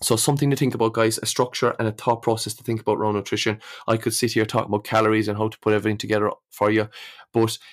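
Low, flat-voiced fitness coach. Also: male voice, rapid-fire, slight background noise. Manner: repeats words, coaching tone, addresses listeners as guys. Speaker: fitness coach and podcast host. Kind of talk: solo podcast advice.

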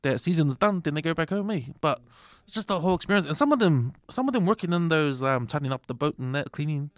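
Blunt man with a slightly higher voice. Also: animated, fast talker, no echo, clean studio sound. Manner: blunt, swears casually. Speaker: podcast co-host. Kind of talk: casual chat.

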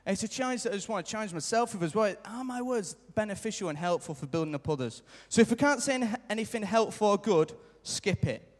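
A high-voiced man delivers an earnest sermon live in a church. His words ring out with a long hall reverb behind them. He stresses his points by repeating them and slips into short quoted remarks. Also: expressive, fast talker, hardly any pauses. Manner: earnest, repetitive emphasis, acts out quoted lines. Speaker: preacher.

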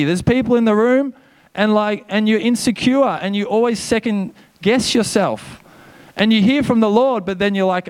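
A man delivers a sermon with a fairly high voice. He preaches with energy and a casual, chatty manner, dropping quick asides to the congregation. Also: lively intonation. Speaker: pastor.

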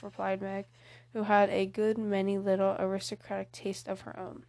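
A woman's voice: medium pitch, little pitch movement, moderate pace, creaky, warm tone. A woman reading a novel aloud as an audiobook, plainly, with small slips and restarts. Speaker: audiobook reader. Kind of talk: audiobook narration.

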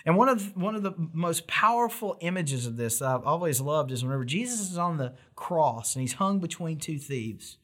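A man's voice: a little high, animated, normal speed, hardly any pauses, a bit bright. A middle-aged man preaching a sermon in an earnest, emphatic way, with rhetorical questions and frequent restarts. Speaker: pastor.

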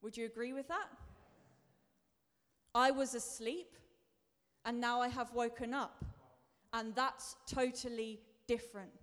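A woman's voice: on the high side, measured pace, fairly bright tone. A woman preacher giving a sermon in a chatty, self-deprecating way, building to emphatic bursts. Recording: long reverb of a large hall.

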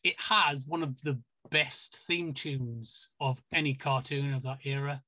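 Chatty British man, bright and close. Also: medium pitch, steady tone, measured pace, dry recording. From United Kingdom. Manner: chatty, hesitant, many fillers. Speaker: podcast co-host. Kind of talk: casual chat.

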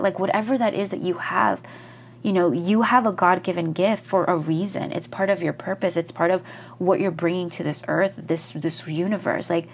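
A woman's voice: lowish voice, slight background noise. A young woman hosting her own podcast, talking candidly and rambling with frequent restarts, swearing for emphasis as she gushes about her routine. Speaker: podcast host and life coach. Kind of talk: casual solo monologue.

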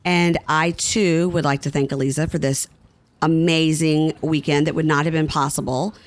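A woman's voice: deep voice, level tone, moderate pace, no room sound. A woman guest on a casual podcast chat outdoors, wry and self-deprecating. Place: outdoors at a house.

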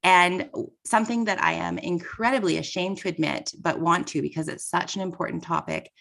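A woman's voice: lowish voice, a little fast, creaky, fairly bright tone. A woman hosting a podcast interview, talking earnestly and effusively, with a cold. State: has a cold. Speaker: podcast host.

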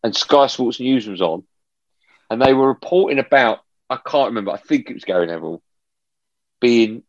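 A man guesting on a podcast, telling stories in an animated, emphatic way and repeating phrases for emphasis. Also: mid-range voice, normal speed, no room sound, dull audio. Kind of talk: casual storytelling chat.

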